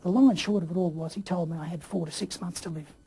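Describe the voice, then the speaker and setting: A man telling his story in a rambling way, with many fillers and throat clearing. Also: high-pitched, fairly even intonation, fast talker, mellow. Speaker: interview guest. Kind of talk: casual storytelling.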